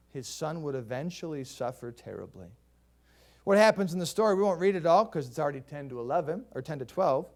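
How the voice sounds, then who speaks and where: Pastor guy giving a sermon, fairly high voice, chatty storytelling. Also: darkish tone. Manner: conversational storytelling preacher.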